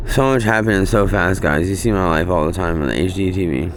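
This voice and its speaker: A man's voice: low voice, fairly even intonation, quick pace, hardly any pauses, a little hiss or hum. A man rambling casually in a self-filmed vlog, recorded outdoors. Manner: rambling, drifting from topic to topic. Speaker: vlogger. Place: outdoors in hot weather.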